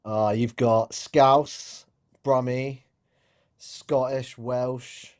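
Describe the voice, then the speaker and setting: A man's voice: mid-range voice, steady tone, very slow. A man from England with a Southern English accent, calling in to a sports talk show and chatting in an easygoing, modest way. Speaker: caller. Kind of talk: casual call-in chat.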